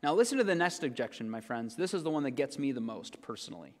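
A man preaching a sermon as pastor, swinging between loud, emphatic points and quiet, low asides. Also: big pitch swings, fast talker, big-room sound. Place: church sanctuary.

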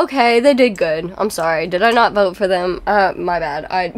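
A woman's voice: fairly low pitch, normal speed, hardly any pauses. A young woman doing casual, giggly commentary while playing a game, with dramatic squeals. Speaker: gaming YouTuber.

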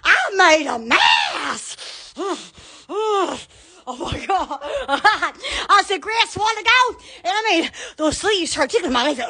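A woman's voice: extremely high pitch, sing-song, takes it slowly, gravelly, pushed and bright. A woman showing off her thrift store finds on a live stream, exclaiming and laughing constantly. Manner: exuberant, squealing and laughing, repeated exclamations. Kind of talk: Instagram live replay.

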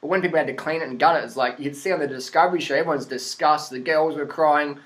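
A man's voice: a little high, fast, a bit bright. A man vlogging a blunt, profane opinion rant to the camera, laughing at his own points.

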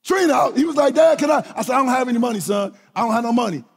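High, husky preaching man in a reverberant hall. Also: rapid-fire. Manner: animated preaching, swinging from shouts to hushed low lines. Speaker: pastor. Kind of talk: sermon.

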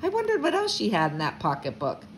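A woman's voice: medium pitch, quick pace, slight background noise, rough recording. A woman who teaches fourth grade, reading a children's book aloud to her class from home. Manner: warm teacherly read-aloud, lively. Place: at home, living room.

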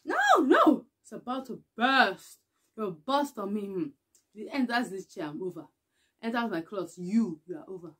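A young woman, chatting casually to camera as a vlogger, laughing often and trailing off into soft mumbles. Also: mid-range voice, animated, moderate pace, husky.

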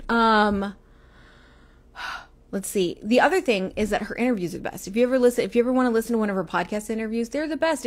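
Chatty woman hosting a livestream. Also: mid-range voice. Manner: chatty, rambling, reads and answers viewer comments. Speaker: livestream host. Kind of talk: casual livestream chat.

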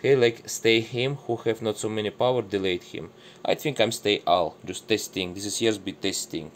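A man's voice: lowish voice, moderate pace, slight background noise. Man speaking broken English about his plants. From Russia. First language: Russian. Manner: broken non-native English with Indonesian and Arabic words mixed in. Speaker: gardening vlogger. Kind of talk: casual garden walkthrough. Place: home with plants, by a loggia.

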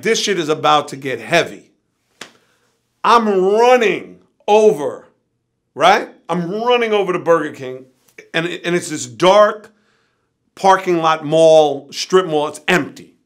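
A middle-aged man tells a vivid, profane anecdote, acting out each person's lines. His voice is bright, forceful and a touch higher than most men's. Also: lively intonation, slow. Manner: vivid anecdote with acted-out quotes and swearing. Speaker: interview guest. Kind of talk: animated storytelling.

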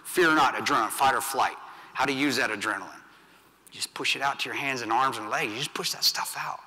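A blunt middle-aged man telling a war story from a stage, his voice bright and forceful. His delivery swings from loud to hushed, with long reverb trailing through a big event hall. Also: medium pitch, quick pace. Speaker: keynote speaker, veteran. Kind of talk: storytelling speech to an audience.

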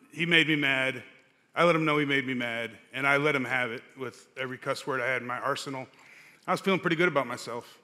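Older guy sharing his testimony, lots of ums, bright voice, big church echo. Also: medium pitch. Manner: storytelling, halting with many fillers. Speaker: guest speaker. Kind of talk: personal testimony in an interview. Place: church stage. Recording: church hall reverb.

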